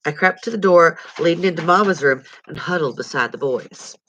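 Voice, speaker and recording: A woman reading a novel aloud at home in an expressive storytelling way. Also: lowish voice, brisk. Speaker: reader.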